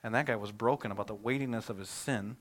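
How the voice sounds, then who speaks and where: A pastor preaches quickly, his voice fairly low, delivering his sermon in a lively, conversational style full of stories and rhetorical questions.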